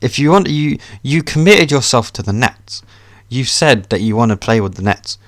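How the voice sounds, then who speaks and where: A young man hosting a podcast, ranting about sports in a casual, animated way, swearing often. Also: medium pitch, normal speed, no room sound, studio quality. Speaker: podcast host.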